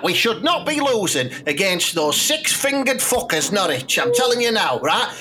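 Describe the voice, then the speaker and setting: A man's voice: very high-pitched, pushed and bright, heavily acted. A man doing a ranting, foul-mouthed football manager. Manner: ranting, swearing, bullying.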